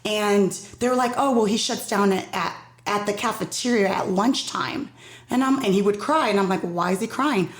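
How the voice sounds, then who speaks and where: A woman's voice: medium pitch, moderate pace. A middle-aged woman speaking as a parent guest in a casual podcast conversation, telling her story with emphasis and quoting the people in it. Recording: roomy echo.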